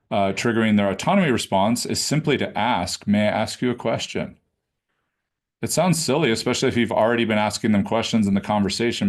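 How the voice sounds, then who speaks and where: A man coaching a live online class, talking conversationally and demonstrating how to ask questions in a low throaty voice. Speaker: business coach. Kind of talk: live webinar teaching. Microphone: video call.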